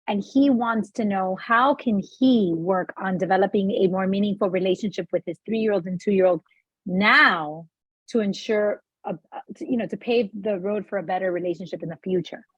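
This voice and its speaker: A woman's voice: medium pitch, normal speed, breathy edge, no echo. A woman hosting an interview, asking polite and inquisitive questions. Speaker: host. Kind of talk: interview conversation. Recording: dry, lo-fi audio.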